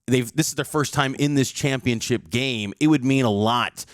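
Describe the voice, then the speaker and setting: A man's voice: medium pitch, normal speed, no room sound, studio quality. A male sports reporter giving a confident, stat-heavy preview of a college football game.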